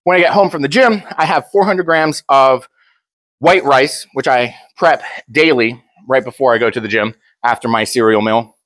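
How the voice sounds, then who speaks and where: A man's voice: mid-range voice, moderate pace, a bit bright, no echo. Blunt, rambling young man, dry sound. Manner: rambling, blunt and joking, with frequent restarts. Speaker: powerlifter vlogger. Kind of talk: casual talk to camera.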